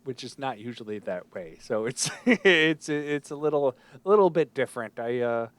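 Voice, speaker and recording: A man hosting a podcast in casual chat, with a nasal voice and a halting way of talking. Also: mid-range voice, animated, fairly bright tone, smooth. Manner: halting, with many restarts and fillers. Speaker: podcast host.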